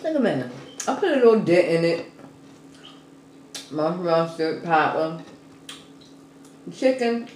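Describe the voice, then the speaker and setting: Slow-talking woman with a drawl. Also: fairly low pitch. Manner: slow, relaxed, murmuring between bites. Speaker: mukbang eating show host. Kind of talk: casual eating-show chat to viewers. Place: room at home. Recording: roomy echo, faint background hum.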